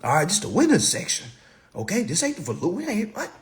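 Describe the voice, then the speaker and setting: A man lectures his viewers in a high, restless voice that leaps all over the place. He mocks and preaches by turns, hitting single words with loud jabs. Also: huge pitch swings, a little fast. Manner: preachy, mocking, emphatic with sudden loud jabs. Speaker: consumer-credit commentator. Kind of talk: animated monologue to viewers.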